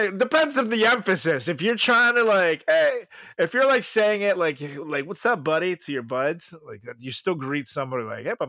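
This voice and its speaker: Podcast guy from latin america, slow talker, big swingy pitch, always laughing. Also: pushed and bright, dry recording, clean studio sound. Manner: laughs often, drawn-out joking asides. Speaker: podcast co-host. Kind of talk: casual comedy podcast chat.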